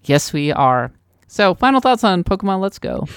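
A woman's voice: lowish voice, sing-song, moderate pace, gravelly, clear, resonant tone, no echo, studio quality. A woman from the US Midwest co-hosting a gaming podcast, chatty, enthusiastic and self-deprecating in casual conversation. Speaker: podcast co-host.

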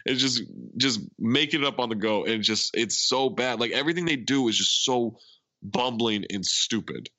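A man talking casually as a podcast host, recapping a film plot with animated asides. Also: medium pitch, moderate pace, dry recording, muffled recording. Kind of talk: casual chat.

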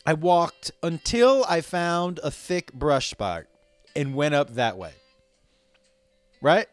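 A man telling a rambling, profane story to his listeners in a casual way, with sudden loud outbursts. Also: fairly high pitch, animated, slow pace, dry recording, faint music behind.

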